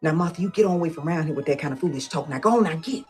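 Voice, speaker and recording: A woman's voice: low-pitched, lively intonation, racing, darkish tone. A woman acting in a comedy skit as a cautious elder woman who warns her friend in folksy, drawling speech. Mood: warning.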